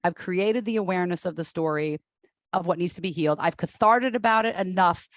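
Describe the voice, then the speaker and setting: A woman's voice: lowish voice, brisk, no room sound. A woman hosting a casual interview, talking animatedly and laughing often. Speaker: host.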